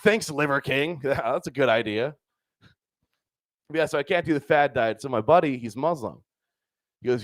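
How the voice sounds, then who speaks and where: A man's voice: medium pitch, normal speed, long pauses, no echo. Crude young male stand-up comic, dry sound. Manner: loose and crude, lots of "dude" and "right?". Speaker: stand-up comedian. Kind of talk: stand-up comedy set. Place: comedy club stage.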